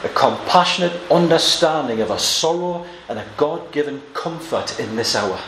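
A man preaching an expository Bible sermon, earnest, moving between quiet reading of scripture and emphatic exclamations. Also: on the high side, expressive, normal speed. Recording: echoey room with faint ambient noise.

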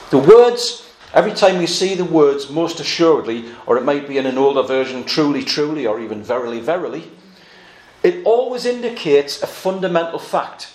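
A man preaching a sermon, earnest and emphatic, slowing down to stress quoted verses. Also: fairly high pitch, lively intonation, darkish tone, roomy sound.

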